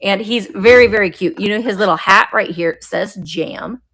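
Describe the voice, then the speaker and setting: A middle-aged woman hosting a live online auction of vintage items, chatting warmly and greeting viewers by name as she describes each piece. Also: mid-range voice, normal speed. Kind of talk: live-stream sales chat.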